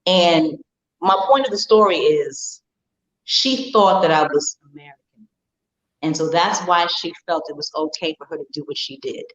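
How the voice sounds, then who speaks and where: A woman guest in an interview, telling stories in an animated, emphatic way with frequent rhetorical asides. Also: low-pitched, moderate pace. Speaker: public relations professional, interview guest. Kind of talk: casual storytelling in an interview. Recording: dull lo-fi sound.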